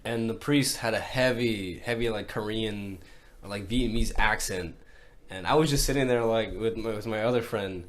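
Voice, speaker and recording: A man's voice: lowish voice, moderate pace. A man co-hosting a podcast, chatting casually and laid-back, with frequent "yeah, yeah" fillers. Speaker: podcast co-host. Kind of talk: casual chat.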